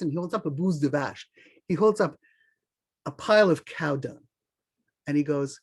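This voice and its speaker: A storyteller telling a folk tale in an animated way, sprinkling French words into the narration. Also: mid-range voice, normal speed, long pauses, slightly rough.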